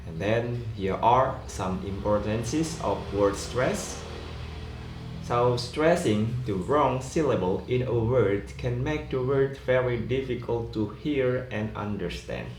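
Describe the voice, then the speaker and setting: A man teaching English word stress in a slow, explanatory lecture, often adding "yeah". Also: mid-range voice, expressive. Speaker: pronunciation teacher. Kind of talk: recorded lecture. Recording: echoey room, faint ambient noise.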